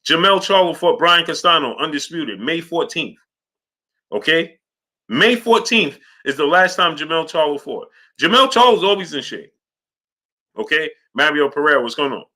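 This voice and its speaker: A man's voice: on the high side, moderate pace. A man hosting a live boxing talk stream, reading out super chats and arguing his point with repeated "right?" checks. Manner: animated, repetitive, asks "right?" often.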